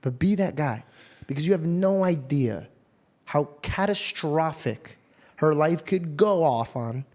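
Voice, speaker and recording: Casual, slightly high-voiced male host. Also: a little slow. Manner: casual, profane, animated storyteller. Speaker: podcast host. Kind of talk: casual storytelling chat.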